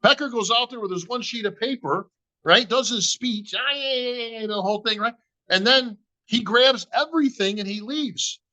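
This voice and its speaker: A man's voice: extremely high pitch, normal speed, pushed and bright, low-quality recording. A middle-aged man, a bodybuilding emcee, telling a long story on a podcast and acting out both sides of the talk. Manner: acts out both sides of conversations, says "bro" and "right?" constantly.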